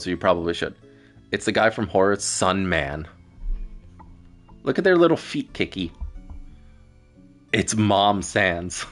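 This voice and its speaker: A male streamer chatting casually with viewers between reading game lines, his voice fairly low but lively in pitch. He speaks over faint background music. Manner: chatty, self-deprecating, fillers.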